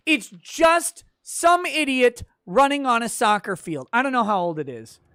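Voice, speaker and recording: A man streaming a game, reading out viewer messages and ranting loudly with frequent laughter. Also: very high voice, lively intonation, measured pace, clean tone, no echo, studio quality. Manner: loud, laughing, exaggerated rants. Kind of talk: casual ranting commentary while gaming.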